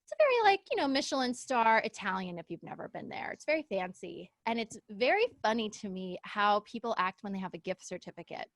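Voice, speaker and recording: A woman's voice: medium pitch, fairly quick, few pauses, a little hiss or hum. A young woman from New Mexico doing a stand-up set, telling stories and acting out the people in them. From Albuquerque, New Mexico. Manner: animated storytelling, acting out characters. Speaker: stand-up comedian. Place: comedy show.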